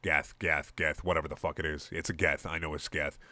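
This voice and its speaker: A man giving a mock-serious dramatic reading, deadpan, who swears at his own slips. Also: a bass voice, a little fast, no room sound. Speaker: reader of comedy fan fiction.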